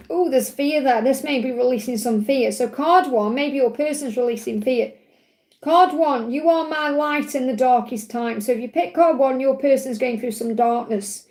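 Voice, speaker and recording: A woman's voice: high-pitched, darkish tone. A woman hosting a live stream, reading oracle cards in a chatty, reassuring way and often adding "okay?". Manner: reads card messages aloud. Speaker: psychic reader, livestream host.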